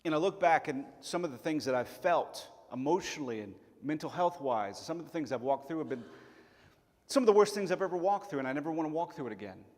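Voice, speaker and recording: A man from Chattanooga preaching a sermon as pastor, earnest and emphatic, slowing down to stress key words. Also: a little high, animated, a little mellow, long reverb tail. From Chattanooga, Tennessee. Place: church sanctuary.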